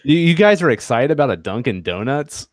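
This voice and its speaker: A man's voice: mid-range voice, sing-song, a little fast, dry recording. Upbeat male podcast host, dry sound. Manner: upbeat, steers the talk, teasing. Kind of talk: casual podcast chat.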